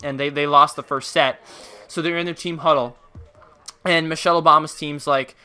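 Young male game streamer, excitable, bright voice, chatty with chat. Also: fairly high pitch, fairly quick, smooth. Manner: excitable, reacting loudly to the game, chatty with viewers. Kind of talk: casual live-stream gameplay chat.

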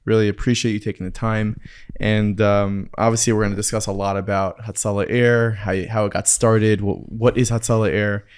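A man's voice: fairly low pitch, flat delivery, brisk, a little hiss or hum. Chatty male podcast host. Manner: chatty, teasing, rambling questions. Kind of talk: podcast interview.

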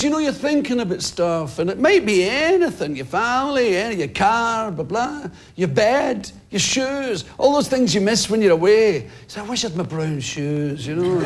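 A man in his fifties, a comedian telling stories in a TV interview and bursting into shouted impressions of people in the street. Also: very high-pitched, normal speed, some chatter behind. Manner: lively, swings into loud shouted impressions of people. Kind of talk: animated storytelling in a TV interview. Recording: TV studio with audience and some noise. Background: audience laughter.

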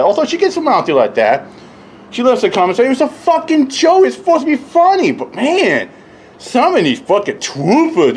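A man ranting casually and profanely, rambling and mocking others, often laughing and mimicking them in high voices. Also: slight background noise. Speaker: YouTube commentator. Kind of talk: casual rant.

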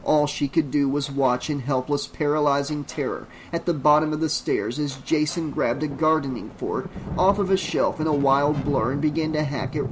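A man narrating an audiobook in a dramatic way, slowing down on grim details. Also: mid-range voice, slight background noise, low-quality recording.

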